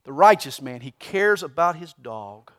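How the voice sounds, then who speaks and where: Pastor, male, high voice, reads verses then explains them with folksy humor. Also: a little slow. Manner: preaching with humor, tells a joke with rising excitement. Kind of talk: sermon.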